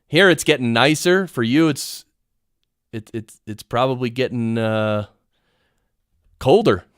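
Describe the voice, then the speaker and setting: Excitable man teaching podcast audio. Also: medium pitch, measured pace, clean tone, no echo, clean studio sound. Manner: rambling, excitable, self-interrupting. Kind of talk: live-streamed audio lesson. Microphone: studio mic through audio recorder.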